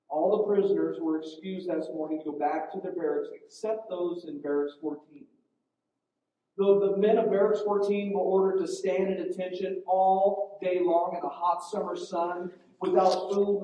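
A man's voice: sits high, dark tone, recorded from a distance. Man preaching in an echoey hall. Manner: earnest storytelling with frequent restarts. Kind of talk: sermon storytelling.

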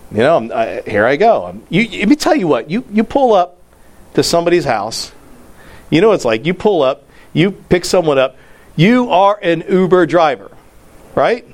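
Animated preaching man, slightly high voice. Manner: animated storytelling, voice jumping high and dropping low; conversational, acting out quotes. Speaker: pastor. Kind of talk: sermon.

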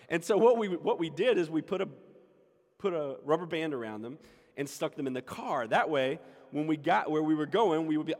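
A man's voice: fairly high pitch, a little fast. A man preaching a sermon as pastor, emphatic and repeating his key lines for the congregation. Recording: echoey hall with long reverb.

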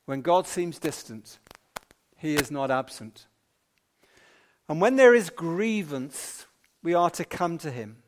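A man preaching an evening sermon in a measured, emphatic way with long pauses. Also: on the high side, expressive.

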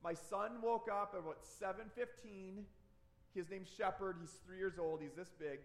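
Animated high-voiced male pastor. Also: normal speed. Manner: conversational, animated, repeats words for emphasis. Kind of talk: sermon.

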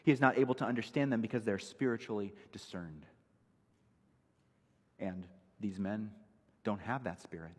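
A man's voice: lowish voice, normal speed, pauses often, slightly rough, long reverb tail. A male pastor preaching an emphatic, verse-by-verse expository sermon in a church sanctuary.

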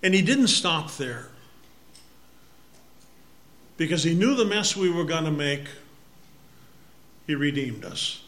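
A man's voice: a little high, animated, slow pace, long pauses, bright, forceful tone. A man with a Massachusetts accent preaching a sermon, reading scripture refrains and talking in a conversational way. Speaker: pastor.

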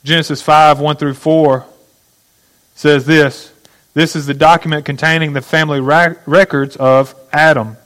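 A man's voice: a little high, little pitch movement, a little slow, a bit bright, low-quality recording. A man preaching a teaching sermon. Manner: teaching, asks the audience questions. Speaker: pastor.

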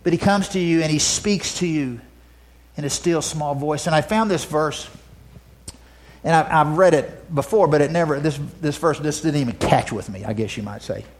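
A male pastor preaching a sermon. He moves from loud, emphatic declarations to soft, hushed asides and often repeats words as he restarts phrases. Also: on the high side, moderate pace.

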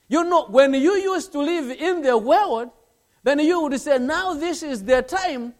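A male preacher with a very high voice delivers a sermon slowly but with lively energy. He preaches earnestly and repetitively, weaving in anecdotes.

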